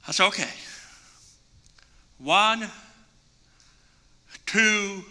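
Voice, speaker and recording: Animated preacher man in an echoing hall. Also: sits high, extremely slow. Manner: animated storytelling, voice swings from hushed to shouting. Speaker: pastor. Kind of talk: sermon. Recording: long reverb in a large hall.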